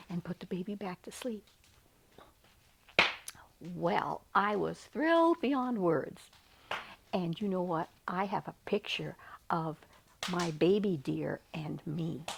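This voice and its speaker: An older woman telling a childhood story in a gentle, sing-song way, lingering tenderly on her words. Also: medium pitch, gravelly, background noise. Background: music.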